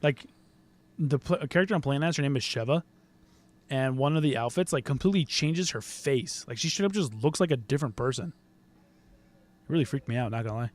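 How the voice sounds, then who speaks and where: A man co-hosting a casual gaming podcast, joking and laughing often in quick banter. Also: mid-range voice, expressive. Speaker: podcast co-host.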